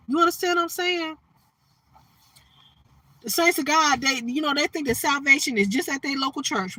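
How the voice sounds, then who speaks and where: A woman's voice: sits high, fairly bright tone. Emphatic woman preaching on a phone live. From Detroit, Michigan. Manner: emphatic, repeats "you understand what I'm saying". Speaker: livestream host. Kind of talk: preachy livestream monologue.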